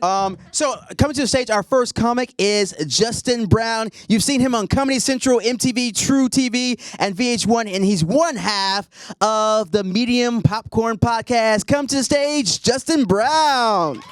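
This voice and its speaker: Upbeat high-voiced male emcee. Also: measured pace, clean tone, no room sound. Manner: upbeat, hyping the crowd. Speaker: show host. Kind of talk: stand-up emcee introduction. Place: comedy stage in a studio.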